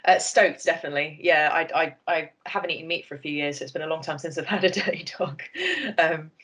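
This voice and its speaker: A woman's voice: low voice, steady tone, quick pace, fairly bright tone. A woman from Buckinghamshire, England, chatting casually as a guest and telling self-deprecating anecdotes. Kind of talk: casual chat.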